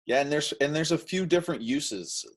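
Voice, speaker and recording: A man chatting casually as he explains and demonstrates arm training drills, with relaxed everyday examples. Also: on the high side, normal speed, low-quality recording. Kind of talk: casual instructional chat.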